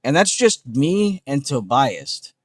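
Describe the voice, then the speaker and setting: A man's voice: mid-range voice, big pitch swings, slow, no room sound. Guy ranting on his trading stream, blunt and sweary, dry close sound. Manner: blunt, emphatic, swears often, repeats himself. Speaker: livestream trading host. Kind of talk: unscripted livestream rant.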